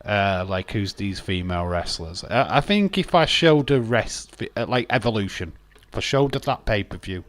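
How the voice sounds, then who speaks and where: A man's voice: mid-range voice, expressive, normal speed, dry recording. A man chatting casually on a wrestling watch-along stream, rambling and blunt, with frequent laughs. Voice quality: rambling, blunt, repeats words, laughs often. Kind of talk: casual live-stream chat.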